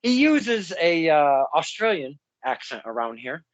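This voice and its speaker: A chatty male podcast host with a high voice who breaks in with casual asides. The sound is close and dry, with no room echo. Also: sing-song, a little slow. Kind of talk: casual interview chat.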